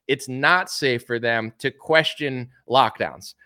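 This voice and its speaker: A man's voice: mid-range voice, takes it slowly, bright, forceful tone, no room sound, clean studio sound. A man hosting a casual opinion commentary, talking bluntly and asking one rhetorical question after another. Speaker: commentary show host.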